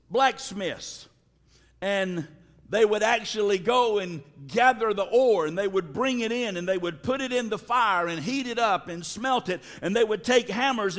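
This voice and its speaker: A man preaching a sermon, speaking slowly with drawn-out words and sudden shouts. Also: high voice. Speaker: pastor. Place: church sanctuary. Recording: long reverb of a large hall.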